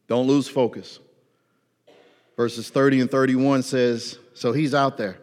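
A man preaching a sermon in a casual, animated way, with slang and acted-out prayers. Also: mid-range voice, unhurried. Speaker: pastor. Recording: long hall reverb.

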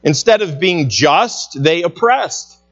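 A man delivering a sermon in an earnest, emphatic way, his voice sitting a little high. He slows to stress his points. The sound is dull and lo-fi. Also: expressive, fairly bright tone. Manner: earnest preaching with slow emphatic phrasing. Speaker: pastor.

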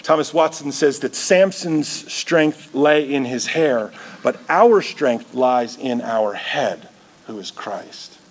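A man's voice: medium pitch, takes it slowly. A male pastor preaching a sermon in a church, earnest and repeating words as he builds his points.

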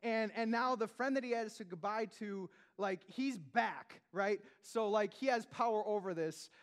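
A man preaching a sermon as pastor, in a chatty, conversational way full of asides and questions to the congregation, swinging between loud emphasis and hushed tones. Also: sits high, moderate pace, clear, resonant tone. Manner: conversational, peppered with "like" and "right?".

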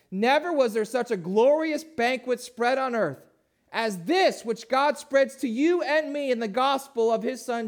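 A pastor preaching a sermon in a high-pitched male voice. He poses questions to his listeners and moves between quiet, drawn-in passages and louder, emphatic ones. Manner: asks the congregation questions, swings from hushed to emphatic.

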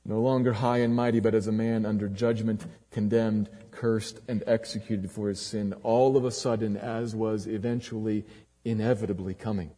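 A man preaching a sermon dramatically, swinging from loud emphatic lines to low, quiet ones. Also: fairly even intonation, moderate pace. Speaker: pastor. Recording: long hall reverb.

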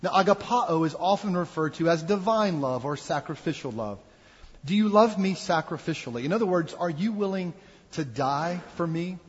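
Husky-voiced man preaching in a reverberant hall. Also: a little high, moderate pace. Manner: earnest, reflective preaching with acted quotes. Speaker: pastor. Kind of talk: sermon. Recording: dull sound with long hall reverb.

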